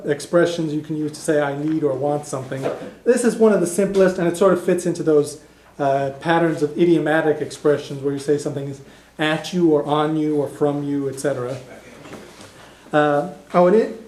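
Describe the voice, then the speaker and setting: A man's voice: on the high side, a little mellow. Man teaching a language class, echoey room. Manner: explanatory, with frequent fillers and restarts. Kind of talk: classroom lesson. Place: classroom in a cultural center.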